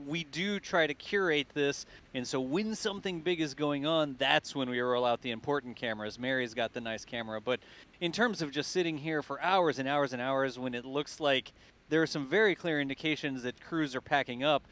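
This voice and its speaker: A man's voice: mid-range voice, fairly bright tone. Easygoing man hosting a live stream. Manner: easygoing, thinking aloud, drawn-out phrasing. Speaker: livestream host.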